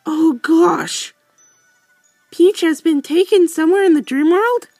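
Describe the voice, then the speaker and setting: A man voicing an excitable female sidekick from a video game, eager and exclaiming. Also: very high voice, slow pace, no room sound, faint music behind, pitched above the performer's own voice, heavily acted.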